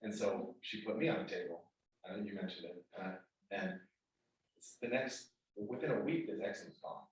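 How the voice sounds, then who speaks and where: A somewhat low-voiced man offers a tribute at a memorial held in a spiritual center hall, often stopping and restarting his sentences amid plenty of fillers. He's recorded from a distance, and the hall echoes heavily.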